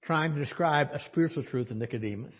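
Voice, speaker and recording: A man's voice: on the high side, fast talker, breathy edge, dull audio. A man preaching a teaching sermon, posing questions to the congregation and answering them himself. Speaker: pastor.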